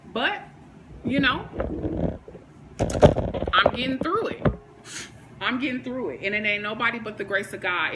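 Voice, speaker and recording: A woman, talking candidly on her vlog, emotional and faith-filled, swinging from hushed to fired up. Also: fairly high pitch, a little hiss or hum, low-quality recording. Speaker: vlogger. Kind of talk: candid personal vlog talk.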